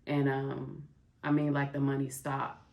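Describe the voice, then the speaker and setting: Low-voiced woman, candid confessional podcast. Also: monotone, a little slow, vocal fry, a little mellow. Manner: raw, heartfelt, speaks straight to listeners as "y'all". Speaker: podcast host. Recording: roomy echo.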